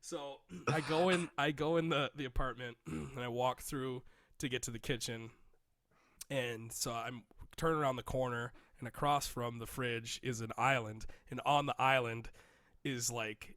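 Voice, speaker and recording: A man's voice: mid-range voice, normal speed, no echo. Man, thirties, casual rambling storytelling, acted-out quotes, dry mic. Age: 30s. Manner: rambling, animated, acts out quotes. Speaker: podcast co-host.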